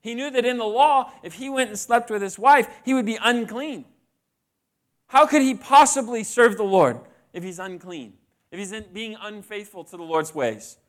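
High-voiced conversational male preacher. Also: moderate pace. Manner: conversational, asks the audience questions. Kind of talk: sermon.

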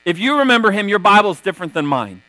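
A man with a fairly high voice delivers a sermon in a relaxed, talky manner, dropping "right?" after many of his points. He retells scripture stories with a storyteller's energy. The sound is dry and close, with little room around it. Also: fast talker, dry recording, low-quality recording. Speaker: pastor.

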